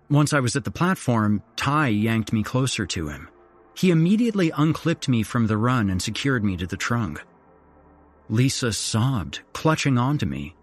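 A man's voice: mid-range voice, slightly rough. A man reading a first-person horror story in dramatic scripted narration. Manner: dramatic, expressive. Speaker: horror podcast host.

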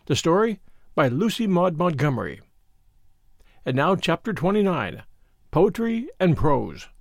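A man hosting and narrating a classic novel in an expressive storytelling manner. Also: fairly high pitch, measured pace, creaky, no room sound, clean studio sound. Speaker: host and reader. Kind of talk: scripted audiobook narration.

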